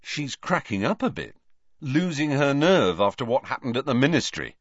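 A man's voice: mid-range voice, sing-song, normal speed, dry recording, pitched above the performer's own voice. A man voicing a cheeky, boastful teenage boy in an audiobook reading. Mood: offhand. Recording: dull dry audiobook recording.

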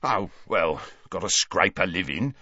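A man's voice: deep voice, animated, measured pace, pushed and bright, slightly rough, no echo, dull audio, full character voice. Mundungus: a man doing a spluttering shifty thief. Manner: spluttering, evasive, wheedling. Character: shifty middle-aged male petty thief.

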